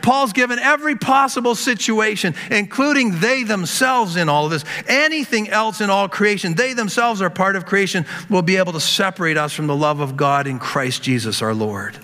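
A man preaching a sermon in a voice that sits high and rings bright. He presses his points with repeated words and calls out to the congregation. A long reverb from the hall trails each phrase. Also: moderate pace, few pauses. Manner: emphatic, repeats words, addresses congregation as folks. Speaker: pastor.

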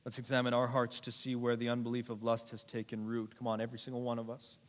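A male pastor preaching a sermon to a congregation, building to loud, repeated urgent appeals. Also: medium pitch, completely flat delivery, fast talker. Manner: preaching with rising intensity and repetition. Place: church sanctuary. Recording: long hall reverb.

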